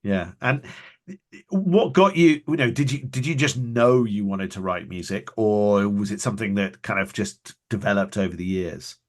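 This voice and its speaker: Man, podcast host, casual interview, curious questions, brief agreement, fairly low voice. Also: normal speed.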